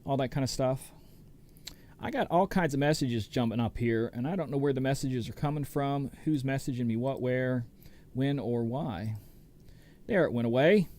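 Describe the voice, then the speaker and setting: A talkative middle-aged man hosts a casual DJ livestream and greets chat viewers one by one. His voice sits a little high for a man. The sound is dry and close to the mic. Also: no room sound. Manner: rambling, chatty, greets viewers by name. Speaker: DJ and show host.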